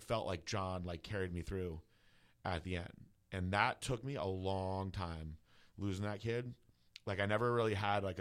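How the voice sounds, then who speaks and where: A middle-aged man telling a personal story in casual, rambling podcast talk, full of "like" and swearing. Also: lowish voice. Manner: rambling, heavy use of "like", profane.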